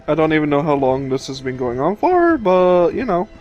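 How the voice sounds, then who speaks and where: A man's voice: a little high, huge pitch swings, moderate pace, lo-fi sound. A man hosting a let's play, chatting casually, thinking aloud and swearing freely as he plays. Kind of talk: casual gameplay commentary.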